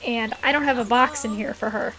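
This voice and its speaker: A woman's voice: a little high, fairly quick, sharp tone. Chatty, giggly woman streaming a game. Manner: chatty, giggly, rambling with many fillers. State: throat getting a little rough. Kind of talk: casual live-stream chat while playing. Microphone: desk mic in a closed room.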